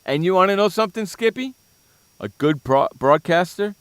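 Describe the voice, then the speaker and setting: A male sports talk host tears into a target with theatrical scorn, his voice sitting a bit high. The sound is dry and close, with no room around it. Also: lively intonation, normal speed, smooth, dry recording. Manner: mocking, insulting, loud bursts. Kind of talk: comedic sports talk rant.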